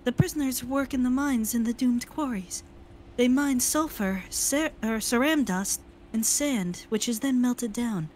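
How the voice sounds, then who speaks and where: Brief: a high-pitched woman narrating game text, halting over names, faint noise behind. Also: a little mellow, rough recording. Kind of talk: reading game text aloud.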